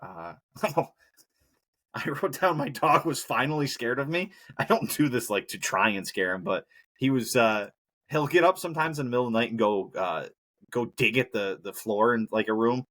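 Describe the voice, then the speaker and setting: A man's voice: medium pitch, moderate pace, fairly bright tone. A man hosting a solo podcast, rambling casually and breaking into profane rants. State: injured knee, hobbling. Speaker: podcast host.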